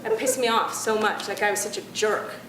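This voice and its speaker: A woman doing stand-up comedy in a chatty, animated way, often asking the audience questions. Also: medium pitch, brisk, echoey room, over a noisy crowd.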